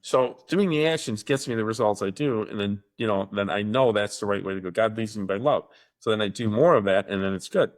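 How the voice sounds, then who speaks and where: A man's voice: on the low side, fairly quick, few pauses. A middle-aged man co-hosting a casual podcast, telling rambling stories and acting out the voices of people he quotes. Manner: rambling storyteller who acts out quoted voices. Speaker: podcast co-host. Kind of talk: casual chat.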